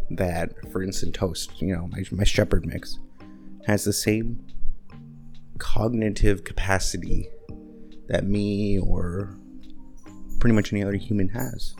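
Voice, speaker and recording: A man with a deep, gravelly voice talks casually in a loose, rambling way, full of fillers and restarts. His tone is dark and mellow, and faint music sits under a home recording made on a handheld microphone. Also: steady tone, takes it slowly, pauses often. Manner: talks in a high cooing baby voice to his dog. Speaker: podcast host. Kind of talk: casual monologue.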